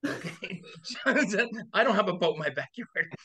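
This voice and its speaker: A man with a bright, forceful voice, pitched a little high for a man, spins a profane anecdote in loose podcast chat. He laughs through his own stories and jumps into other people's voices as he tells them. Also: animated, normal speed, husky. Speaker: body shop owner and podcast guest. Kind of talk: casual storytelling chat.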